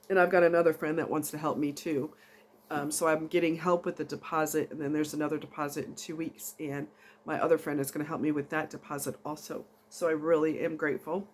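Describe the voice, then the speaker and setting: A woman chatting casually to camera in a rambling, emotional vlog. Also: sits low. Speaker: vlogger.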